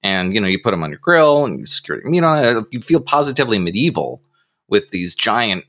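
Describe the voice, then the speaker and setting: A man on a podcast panel, speaking in a measured way with frequent filler pauses. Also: fairly low pitch, sing-song, a bit bright. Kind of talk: casual panel chat.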